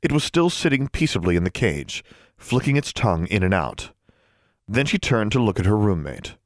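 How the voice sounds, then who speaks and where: A man reading a fantasy novel aloud as an audiobook narrator, with expressive storytelling. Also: lowish voice, moderate pace, no echo, studio quality. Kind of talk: scripted narration.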